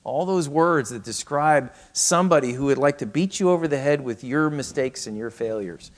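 Dramatic male preacher, loud to hushed. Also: medium pitch, normal speed. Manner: dramatic, acts out quoted lines, swings from loud to hushed. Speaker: pastor. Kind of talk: expository sermon.

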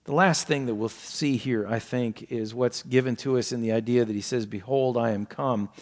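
A man preaching a sermon, telling a story with emphatic rises and soft, low passages. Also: moderate pace. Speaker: pastor.

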